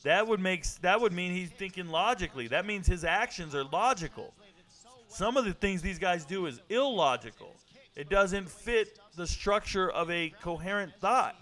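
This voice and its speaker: A man's voice: high-pitched, a bit bright. Laid-back man riffing on a livestream. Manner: laid-back, joking, reads and answers chat. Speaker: livestream host. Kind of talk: casual livestream commentary.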